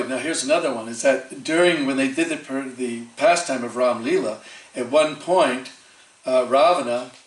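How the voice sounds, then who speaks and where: Man telling temple stories in echoey hall. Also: mid-range voice. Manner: animated storyteller acting out quoted voices, frequent fillers. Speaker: temple speaker. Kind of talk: storytelling sermon. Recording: echoey hall, distant mic.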